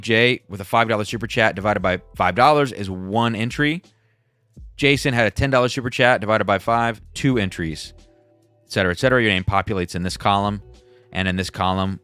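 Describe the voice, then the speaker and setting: Low-voiced male stream host, loose and self-deprecating, reading chats over faint background music. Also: a bit bright, dry recording. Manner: rambling, self-deprecating, reads viewer chats aloud. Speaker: livestream host. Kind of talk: casual livestream chat.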